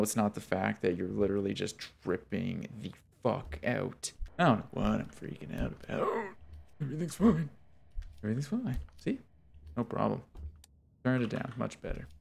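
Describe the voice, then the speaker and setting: A man with a low, gravelly voice streams a horror game, talking to his chat as he plays. His casual commentary is full of reactions, swearing and laughter.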